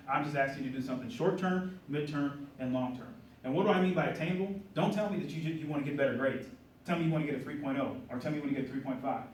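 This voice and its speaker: Fast-talking man speaking in a roomy hall. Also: medium pitch, a little hiss or hum. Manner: energetic, asks the room questions. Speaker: conference speaker. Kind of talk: motivational talk to an audience. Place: conference hall. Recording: roomy hall audio from a distance.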